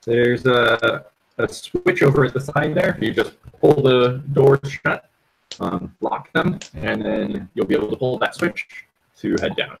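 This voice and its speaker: A man's voice: mid-range voice, measured pace, vocal fry, poor audio. A man voicing a grumbling mine foreman. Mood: instructive. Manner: complains about lost work hours.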